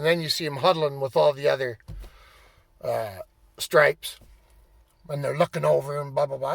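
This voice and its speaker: A man telling a personal story in a casual, profane way, getting animated and raising his voice as he relives the anger. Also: medium pitch, moderate pace, vocal fry, no room sound. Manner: animated, swearing, bursts into shouting when reliving anger. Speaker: storyteller recounting his playing days.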